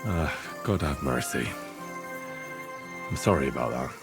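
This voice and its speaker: An actor voicing a young man in a medieval game, asking calm, sympathetic questions. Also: rumbling low, unhurried. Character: young man, blacksmith's son, curious and polite. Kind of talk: voiced game dialogue. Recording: game music behind. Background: game music.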